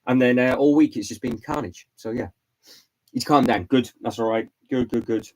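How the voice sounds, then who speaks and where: A man hosting a casual live stream, hoarse and stuffy from hay fever and a lost voice, rambling and repeating his words as he answers chat. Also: mid-range voice, normal speed, a little mellow, rough recording. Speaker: vlog host doing a live stream.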